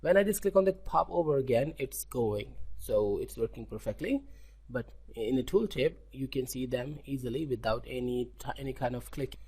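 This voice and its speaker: Walking viewers through code in a screen recording, an Indian-accented man speaks in a mid-range voice that's a little mellow and slightly rough. He frequently stops to fix his wording, repeats himself, and asks "okay?" again and again.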